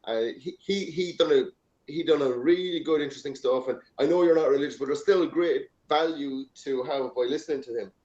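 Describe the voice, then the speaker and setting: A man's voice: a little high, a little fast, a little mellow. An Irish man with an Irish accent, chatting casually in a rambling, anecdotal way and swearing freely. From Ireland. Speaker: podcast host. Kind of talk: casual chat. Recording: echoey, dull lo-fi room sound.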